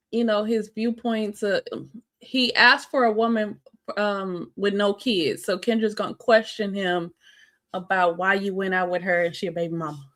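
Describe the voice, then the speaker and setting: A woman's voice: mid-range voice, fairly bright tone. A woman co-hosting a reaction show, teasing and laughing often as she sets up the clips. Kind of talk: casual reaction commentary.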